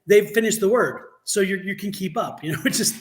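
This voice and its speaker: A man hosting a casual tarot reading stream, telling stories quickly, putting on voices and laughing often. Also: high-pitched. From West Virginia family, East Coast. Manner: animated storyteller, quick talker who puts on Southern voices and laughs often. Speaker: tarot reader co-host. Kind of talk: casual livestream chat.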